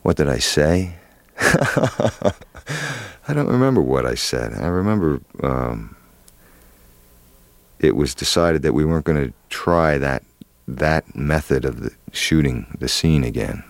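Very deep-voiced man telling a story. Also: lively intonation, a little slow, gravelly, long pauses, dry recording. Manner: rambling, many fillers and restarts. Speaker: actor guest. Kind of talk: interview storytelling.

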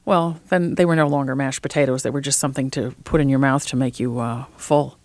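A woman food writer as an interview guest, telling lively, opinionated stories in casual conversation. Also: rumbling low, a little fast, dry recording.

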